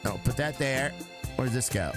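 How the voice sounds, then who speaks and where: Young male streamer, joking and chatty with his viewers, lively up-and-down delivery. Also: medium pitch, moderate pace, music in the background. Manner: chatty, talks to himself and chat; joking, breaks into sung lines. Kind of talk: live game stream chat.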